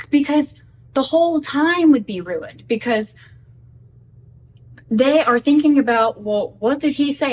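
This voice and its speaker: A woman telling animated, casual stories to camera about life with her YouTuber husband, with quick asides. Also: medium pitch, recorded from a distance, a little hiss or hum, low-quality recording. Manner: animated, quick asides, acts out quoted exchanges. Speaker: wife of a YouTuber.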